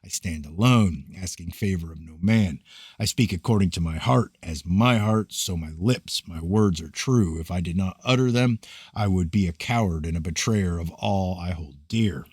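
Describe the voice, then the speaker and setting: A man giving a grave, measured, declamatory reading of an ancient scripture. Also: low voice, darkish tone, breathy edge, no room sound, clean studio sound.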